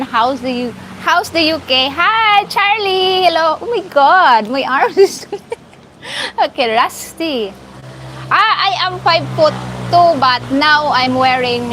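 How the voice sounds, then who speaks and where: A woman's voice: high-pitched, a bit bright, slight background noise, poor audio. A woman with a Filipino accent hosting a casual live stream, greeting viewers by name and laughing often. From Philippines.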